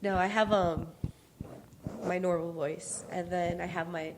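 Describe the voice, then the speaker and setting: Woman w a stuffy nasal cold voice, low-ish, flirty podcast chat, bit of hiss. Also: steady tone, unhurried. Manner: flirty, teasing, laughs often. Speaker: guest. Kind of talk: casual chat.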